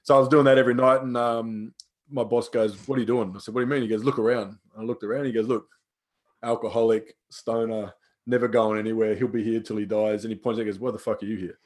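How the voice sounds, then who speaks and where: A man's voice: fairly low pitch, steady tone, fast. A young man, a personal trainer, telling stories in casual chat, swearing freely and acting out the lines of people he quotes.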